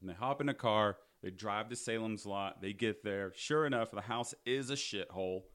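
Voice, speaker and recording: A man's voice: on the low side, moderate pace, fairly bright tone. A man hosting a podcast, casually recapping a movie with sardonic, profane storytelling. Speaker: podcast host.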